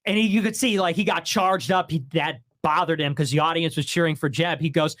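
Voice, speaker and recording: Young man, podcast guest, wry storytelling, fairly high voice, dry sound. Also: fairly even intonation, a little fast, a bit bright, no room sound. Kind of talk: casual storytelling in conversation.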